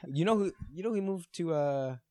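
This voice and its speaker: A man's voice: fairly high pitch, expressive, warm tone. A young man in his twenties co-hosting a podcast, telling stories with lots of laughing and swearing. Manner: laughing, swearing, fast anecdotal storytelling. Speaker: podcast co-host. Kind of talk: casual chat.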